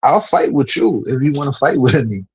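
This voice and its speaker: Husky man ranting mockingly on stream. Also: mid-range voice, lively intonation, fairly quick, darkish tone, poor audio. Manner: heated and mocking, laughs often; keeps saying "you know what I'm saying".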